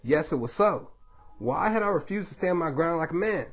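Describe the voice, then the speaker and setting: A man reading a book aloud to his baby, telling the story in a measured, dramatic way. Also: on the high side, animated, soft background music.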